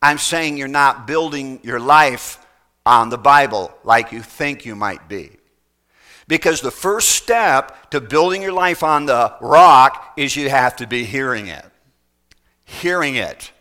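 A man's voice: mid-range voice, expressive, unhurried, pushed and bright. A middle-aged man preaching a sermon, pressing his point with repeated rhetorical questions. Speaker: pastor.

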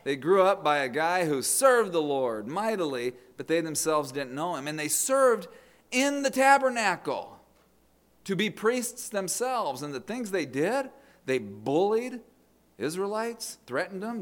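A middle-aged pastor speaks a little high and a little slowly, his pitch swinging widely. Preaching through family stories, he acts out quotes and keeps repeating words as he starts thoughts anew.

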